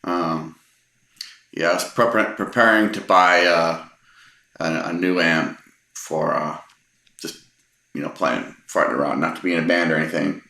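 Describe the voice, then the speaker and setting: In an echoey room, a middle-aged Texan storyteller shares personal anecdotes in a low voice that is pushed and bright, with fairly even intonation, a measured pace, and long pauses. He rambles casually and sounds hesitant, with frequent ums and restarts.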